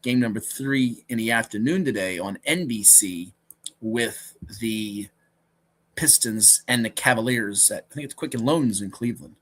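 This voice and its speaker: A man co-hosting a casual sports talk show, excitable and heavy on stats, often correcting himself. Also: medium pitch, normal speed. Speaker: co-host.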